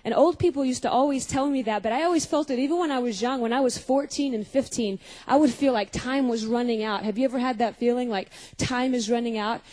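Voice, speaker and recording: A woman's voice: on the high side, warm tone, low-quality recording. A young woman giving a personal testimony sermon, telling stories, acting out scenes and putting questions to her audience. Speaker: speaker at a Christian youth gathering.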